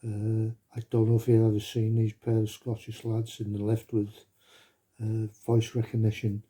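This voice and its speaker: A man's voice: lowish voice, completely flat delivery, moderate pace, mellow, slightly rough. A Welsh man, a plasterer, chatting casually to his phone camera with lots of fillers and loose rambling asides. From Wales. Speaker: plasterer vlogger. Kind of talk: casual vlog chat.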